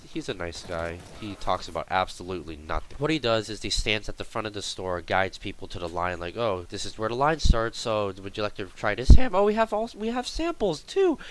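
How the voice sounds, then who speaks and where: A man's voice: deep voice, slight background noise, rough recording. A young man telling a workplace story in a casual, rambling vlog style, full of fillers and exaggeration.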